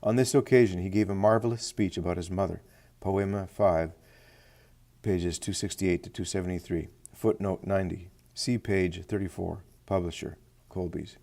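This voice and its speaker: A man reading a devotional book aloud in a steady manner, citing page numbers as he goes. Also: sits low, normal speed, vocal fry. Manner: steady, reads citations aloud. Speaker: reader.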